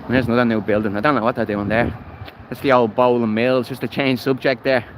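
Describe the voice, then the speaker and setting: A man's voice: mid-range voice, fairly even intonation, fast. A man with a Dublin accent giving blunt, heated commentary while walking outdoors, filmed on a phone. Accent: Irish, Dublin. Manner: blunt, heated, swears freely. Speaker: livestreamer. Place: outdoors on city streets. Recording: outdoor street recording with traffic noise.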